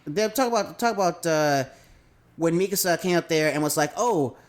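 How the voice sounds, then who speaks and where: A man's voice: on the high side, brisk. A man from the American South co-hosting a podcast, chatting casually and slangily about an anime episode and acting out the characters' lines. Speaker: podcast co-host. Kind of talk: casual anime review chat.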